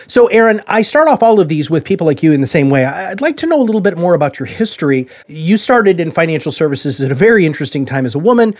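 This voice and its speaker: A man hosting a podcast talks quickly and casually, with a fairly high voice. He chats through his introductions with loose fillers. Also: big pitch swings. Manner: fast, chatty introductions. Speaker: podcast host. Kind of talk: podcast interview.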